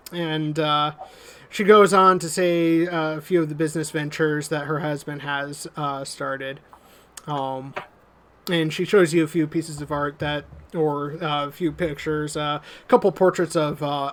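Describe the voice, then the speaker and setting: Man, game master, relaxed narration, slightly higher voice, filler-heavy.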